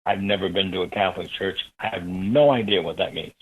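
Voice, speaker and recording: Male guest, husky and low-pitched, animated storyteller. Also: brisk, narrow, tinny audio. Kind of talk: storytelling in a radio interview.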